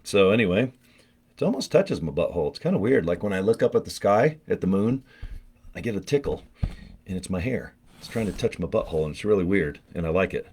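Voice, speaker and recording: A man's voice: low-pitched, big pitch swings, fairly quick, darkish tone, a little hiss or hum. A man chatting casually on a live stream as he opens a gift, rambling with crude jokes and frequent laughs. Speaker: vlogger opening a gift on camera.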